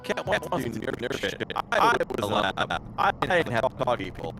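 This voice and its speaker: A man's voice: mid-range voice, very animated, moderate pace, gravelly. A man co-hosting a livestream, chatting casually, swearing and joking while talking over his co-host. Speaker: stream co-host. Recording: music playing behind the voice.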